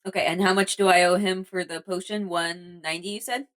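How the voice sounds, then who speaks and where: A woman's voice: lowish voice, fairly even intonation, a little fast. A woman playing a tabletop game, chatty and playful with the table. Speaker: player. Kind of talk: casual tabletop play.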